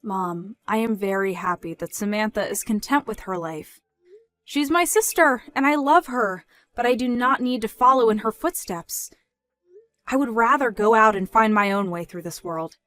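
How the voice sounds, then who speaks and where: A woman voicing a calm young working woman who answers in a measured, polite but firm way in a dramatized story. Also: medium pitch, close to an everyday voice.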